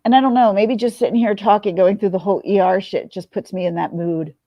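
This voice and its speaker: A woman's voice: medium pitch, steady tone, quick pace, dark tone, dry recording. Candid tearful woman venting to camera. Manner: candid, tearful at times, swears freely. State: teary. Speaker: vlogger. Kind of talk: emotional confessional talk to camera.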